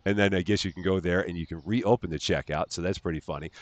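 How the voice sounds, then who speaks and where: A man's voice: low voice, fairly even intonation, fast talker, hardly any pauses, no room sound. A man hosting a live game stream, greeting viewers by name in a cheerful sing-song lilt. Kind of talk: live gameplay stream chat.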